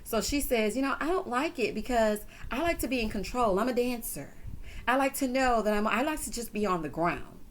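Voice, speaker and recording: A woman's voice: on the high side, fairly quick, slight background noise. Sassy woman recapping reality TV. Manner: sassy, animated, sprinkled with "honey" and "child". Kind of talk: casual recap commentary.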